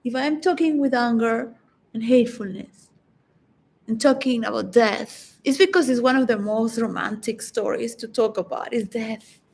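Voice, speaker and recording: A woman's voice: on the high side, moderate pace, vocal fry, a little mellow, slightly rough, poor audio. A woman giving a reflective, philosophical solo monologue that rambles and halts, with frequent restarts. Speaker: vlogger.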